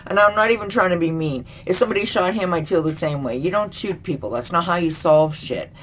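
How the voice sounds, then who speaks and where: A woman's voice: fairly low pitch, a little fast, a little hiss or hum. A middle-aged woman vlogger ranting bluntly and with lots of swearing in a casual commentary. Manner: blunt, profane, indignant.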